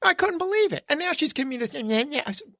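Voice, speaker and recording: A man co-hosting a podcast, telling a story in an animated, ranting way and swearing freely. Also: very high voice, rapid-fire, gravelly, no room sound, clean studio sound. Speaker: podcast co-host. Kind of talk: casual chat.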